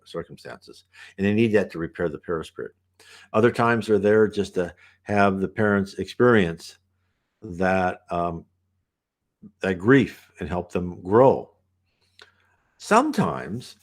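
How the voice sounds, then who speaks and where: A man talking casually and at length, explaining a spiritist book in a loose, conversational way. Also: deep voice. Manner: rambling and conversational.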